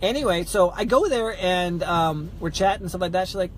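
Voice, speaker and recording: Animated storytelling man, slightly high voice. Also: brisk, slight background noise. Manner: animated, acts out quoted dialogue, many fillers. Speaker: podcast host. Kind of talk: casual storytelling monologue.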